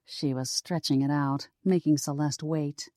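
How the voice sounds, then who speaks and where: A woman narrating a cozy mystery audiobook with measured, unhurried delivery. Her voice sits slightly low and very slow. The sound is dry and close with no room echo. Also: fairly even intonation, mellow. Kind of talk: scripted narration.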